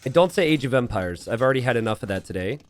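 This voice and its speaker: A man's voice: medium pitch, expressive, rapid-fire, a little hiss or hum. A man streaming live game commentary from his home setup, rambling into self-deprecating jokes and asides. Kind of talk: live game commentary mixed with casual chat.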